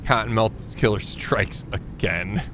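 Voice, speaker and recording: A man streaming a trucking game, chatting casually and joking with his viewers, now and then jumping into high squeaky exclamations. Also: takes it slowly, a bit bright, soft background music. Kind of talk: casual live-stream chat while gaming.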